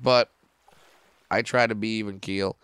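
Smooth-voiced profane male comedian. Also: on the low side, a little slow, no echo. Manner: profane, animated storytelling. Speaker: comedian guest. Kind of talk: casual podcast interview.

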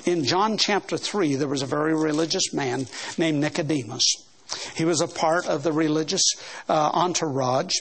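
Brief: male preacher with a high voice, earnest and emphatic, repeats words as he drives each point home. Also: normal speed, husky. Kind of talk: Baptist sermon.

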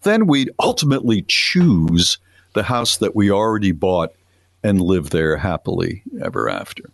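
A man's voice: sits low, very animated, normal speed, creaky, dry recording. A man co-hosting a podcast, reading listener stories in a plain, matter-of-fact way. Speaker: podcast co-host.

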